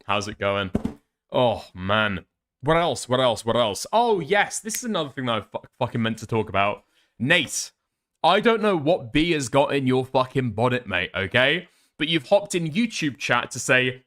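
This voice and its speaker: A man's voice: mid-range voice, sing-song, moderate pace, fairly bright tone. A man chatting casually and rambling on a live stream, swearing often. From northern England.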